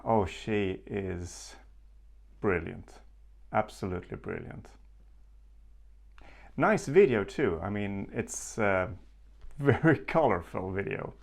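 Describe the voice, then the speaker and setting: A man hosting a music reaction video, talking in a slow, thoughtful and hesitant way with many pauses. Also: lowish voice, lively intonation, creaky. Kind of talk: casual spoken reaction. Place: home setup with headphones.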